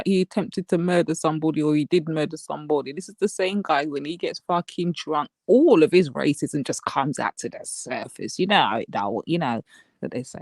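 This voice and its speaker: This English livestream host, a young woman, gossips through casual commentary with plenty of swearing and laughter, imitating the people she talks about. Her low-pitched voice comes through in studio quality without echo.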